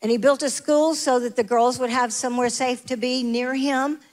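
A woman tells her missionary testimony from the pulpit, her voice pitched somewhat high. Her delivery swings from quiet, earnest storytelling to loud, fervent proclamation. A long reverb trails off her words in the large church hall. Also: steady tone, normal speed. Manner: emotional, rising to loud proclamation. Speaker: missionary speaker. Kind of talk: testimony sermon.

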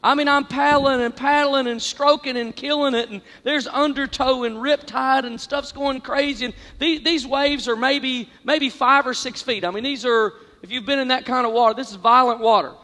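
A man doing stand-up, telling a long story in an animated, exaggerated way, jumping from loud bursts to hushed asides. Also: very high voice, normal speed, few pauses, big-room sound. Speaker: comedian.

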